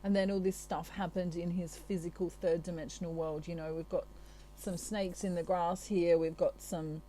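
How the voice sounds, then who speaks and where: A woman from Australia talks through a channelled tarot reading with a low, mellow voice. She sounds chatty and reassuring and keeps adding little asides to the listener. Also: steady tone, normal speed, a little hiss or hum, rough recording. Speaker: tarot reader.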